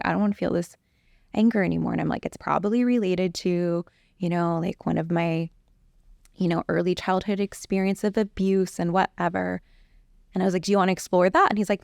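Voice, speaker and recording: Gravelly, low-voiced woman telling a story. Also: no room sound, clean studio sound. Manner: animated, acts out quoted exchanges with a therapist. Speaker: coach. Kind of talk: storytelling in a conversational interview.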